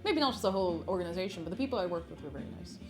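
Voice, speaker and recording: A woman's voice: fairly low pitch, lively intonation, racing, music in the background. A young Irish woman streaming from home, chatting casually and reading out viewer comments with frequent giggles and rambling asides.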